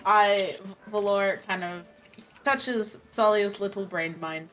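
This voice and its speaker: A woman's voice: medium pitch, takes it slowly, a bit bright, a little hiss or hum. A woman playing a tabletop game, hesitant and giggly as she describes her character's actions. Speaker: player. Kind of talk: casual tabletop game chat.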